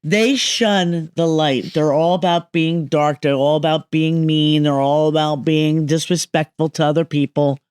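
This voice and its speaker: A woman's voice: low-pitched, fairly even intonation, a little slow, hardly any pauses, darkish tone, clean tone, no echo, clean studio sound. A woman speaking as a medium guest on a podcast, explaining emphatically and often checking that listeners follow.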